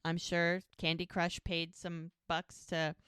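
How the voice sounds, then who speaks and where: A woman's voice: lowish voice, completely flat delivery, slow pace, a bit bright, smooth, no echo, clean studio sound. A woman co-hosting a podcast, recapping a TV episode casually and retelling scenes through quoted dialogue. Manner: retells scenes by quoting characters. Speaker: podcast co-host.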